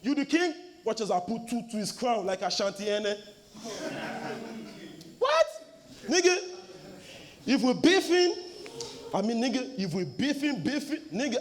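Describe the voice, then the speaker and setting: Young nigerian guy spitting a rap battle verse, high voice, cocky and profane. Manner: aggressive, taunting, profane. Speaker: battle rapper. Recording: live event with cheering crowd.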